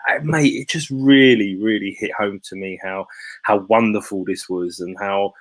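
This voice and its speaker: A man's voice: fairly low pitch, moderate pace, no echo, poor audio. A man hosting a live chat, talking in an emotional, slangy way with many restarts. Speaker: host.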